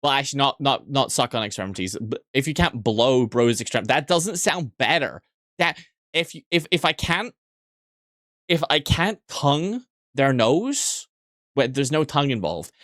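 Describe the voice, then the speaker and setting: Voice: medium pitch, a bit bright, dry recording, clean studio sound. A streamer chatting casually with viewers, joking crudely, swearing often and rambling through restarted sentences. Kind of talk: casual livestream chat with viewers.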